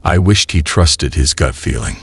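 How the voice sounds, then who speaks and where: Deep-voiced man, husky, wry commentary narrator. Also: expressive, moderate pace. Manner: wry, moralizing asides. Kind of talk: reaction commentary.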